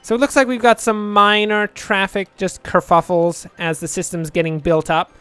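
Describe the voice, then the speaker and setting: A man's voice: sits high, flat delivery, moderate pace, sharp tone, clear, resonant tone, no echo, soft background music. A young man casually commentating his gameplay, rambling and joking, muttering asides to himself at a home desk microphone. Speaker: let's play host.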